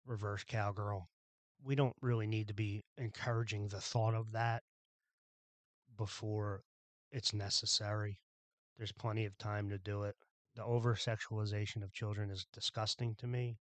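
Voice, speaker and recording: Man, podcast host, from Philadelphia, low-pitched, dry sound, blunt, exasperated, profane rant. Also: no room sound.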